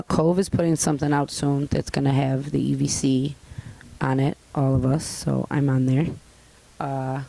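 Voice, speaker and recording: A woman's voice: rumbling low, vocal fry, poor audio. Candid, profane young woman. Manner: candid, profane, animated storytelling. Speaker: guest artist. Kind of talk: casual interview chat.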